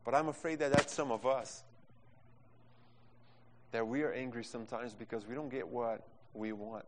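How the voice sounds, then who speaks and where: A man's voice: medium pitch, steady tone, normal speed, slight background noise. A man preaching a sermon as pastor into a microphone, with passionate delivery and phrasing. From Brazil. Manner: impassioned preaching, non-native phrasing, acts out quotes. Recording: long reverb from a hall.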